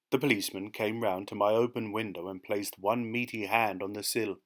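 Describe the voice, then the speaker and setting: A man reading a short story aloud as audiobook narration, in a measured, even manner. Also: fairly low pitch. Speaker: audiobook reader. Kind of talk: scripted narration.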